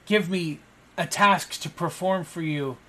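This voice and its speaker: A man's voice: fairly high pitch, a little slow, fairly bright tone, voice pushed up. A man voicing a desperate male servant who grovels and stammers as he pleads. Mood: pleading.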